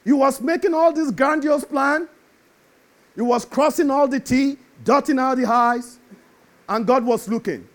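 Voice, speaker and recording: A man preaching a sermon, animated and building to emphatic shouts. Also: extremely high pitch, unhurried.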